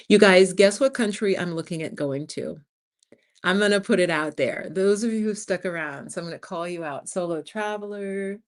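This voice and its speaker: A woman over fifty from the United States, hosting a casual livestream and chatting with viewers, telling stories with lively acted-out quotes. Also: fairly low pitch. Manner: animated storyteller, acts out other people's lines. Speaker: livestream host. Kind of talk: casual live-chat talk to viewers.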